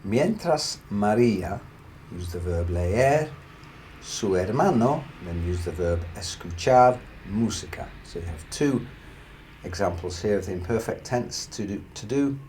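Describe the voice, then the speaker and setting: A man teaching a grammar lesson, explaining slowly and carefully and reading out example sentences. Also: on the low side, animated, darkish tone, slight background noise. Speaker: Spanish teacher.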